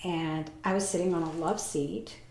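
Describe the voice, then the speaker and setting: A woman in her forties telling a personal story as a podcast guest, lively and acting out the people she quotes. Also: fairly low pitch, normal speed, vocal fry. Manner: animated, acts out voices in her story. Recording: echoey room.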